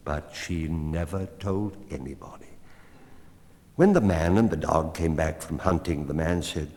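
A man reading a storybook aloud in a rhythmic, expressive way. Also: a bass voice, measured pace. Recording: long hall reverb.

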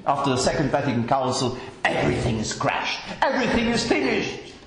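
A priest giving a sermon in a church, preaching fervently and emphatically, repeating phrases for effect. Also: male voice, a little high, big pitch swings, brisk, fairly bright tone. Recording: very echoey church hall.

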